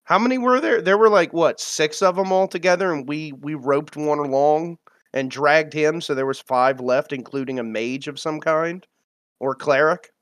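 A man's voice: fairly high pitch, moderate pace, fairly bright tone, no room sound. A man playing a tabletop game in a blunt, practical way, chatting with his group. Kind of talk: casual game-table chat.

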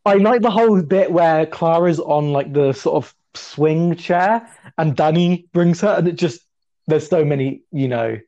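A man's voice: on the high side, a little slow, mellow. A man co-hosting a casual podcast chat, talking chattily and laughing often. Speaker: podcast co-host. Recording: dull lo-fi audio.

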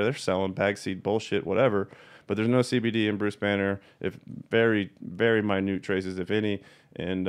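Profane, heated man with a smooth voice. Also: lowish voice. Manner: profane, blunt and heated, repeats points for emphasis. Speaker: cannabis breeder. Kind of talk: casual ranting video monologue.

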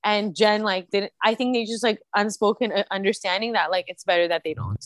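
A woman's voice: mid-range voice, a little fast, no room sound. A young woman co-hosting a podcast, chatting casually with frequent restarts and fillers. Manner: hesitant, restarting, filler-heavy. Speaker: podcast co-host. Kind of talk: casual recap chat.

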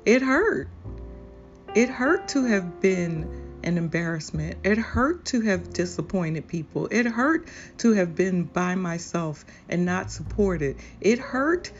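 Slow, earnest woman podcast host. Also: lowish voice, animated. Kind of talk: personal reflective monologue. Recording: dull lo-fi recording with faint music.

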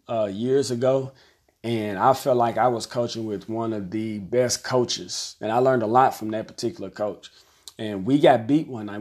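A man in his thirties talks through his points in a loose, conversational way. He circles back and repeats his phrases. His pitch sits in an ordinary middle range, and he slips into quick impressions of other people now and then. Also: a little mellow. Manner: conversational, repeats phrases, acts out quoted voices. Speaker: basketball coach and commentator. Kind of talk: casual talk to camera, reviewing an article.

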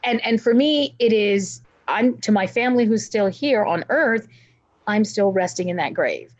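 A woman's voice: mid-range voice, lively intonation, normal speed. A woman giving an earnest personal testimony as an interview guest, acting out her own prayers aloud.

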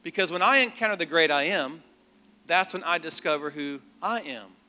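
Male pastor, bright tone, emphatic sermon delivery, long hall reverb. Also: fairly high pitch, moderate pace. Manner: animated, rising to emphatic declarations.

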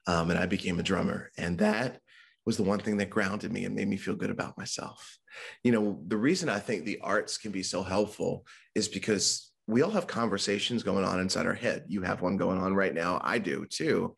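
A man with a gravelly, husky voice sitting low in his range, talking openly in a podcast interview. He speaks in a candid, conversational way and sometimes slips into quoted voices as he tells his story. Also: normal speed. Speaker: mental health speaker and author.

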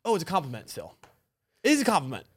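High, lively young man arguing. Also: racing, breathy edge. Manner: argumentative, laughs loudly, pushes his point. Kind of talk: casual crude banter.

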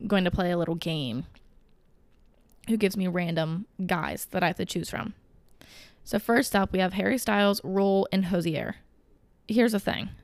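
A woman's voice: lowish voice, vocal fry, no room sound. A young woman vlogging in a casual, gushing way, rambling with fillers and self-corrections. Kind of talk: casual chat to camera.

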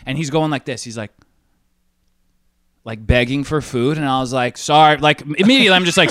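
A man in his thirties trades crude, self-mocking stories in a loose podcast chat. His voice sits in a middling pitch and the recording is very dry, with no room sound around it. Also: brisk, fairly bright tone, dry recording. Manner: profane, self-mocking storytelling. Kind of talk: casual comedic chat.

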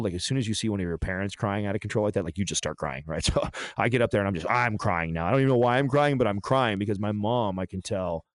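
Low-voiced man telling a personal story. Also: dry recording. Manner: halting, restarts often, emotional. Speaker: podcast guest.

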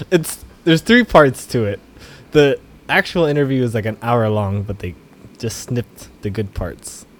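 A man's voice: medium pitch, a little slow. A man hosting a podcast in casual chat, laid-back and teasing, laughing often. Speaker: podcast host.

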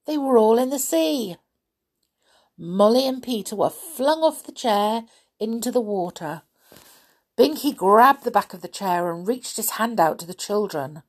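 Woman storyteller for a children's audiobook: slow, husky, expressive. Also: medium pitch. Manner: expressive, deliberate.

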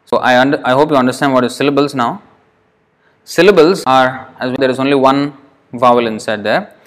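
A man teaching Sanskrit pronunciation to a class, patient and repetitive, drawing words out slowly to demonstrate them. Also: medium pitch. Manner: patient, repeats words slowly to show how they sound.

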